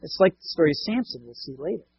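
A man's voice: on the high side, lively intonation, quick pace, breathy edge, muffled recording. A man preaching a sermon as a pastor, talking conversationally and often asking the congregation rhetorical questions.

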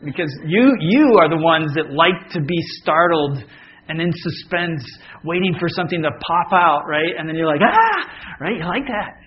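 A man's voice: on the high side, moderate pace, muffled recording, a little hiss or hum. A man preaching a sermon as pastor, talking casually and joking with his congregation.

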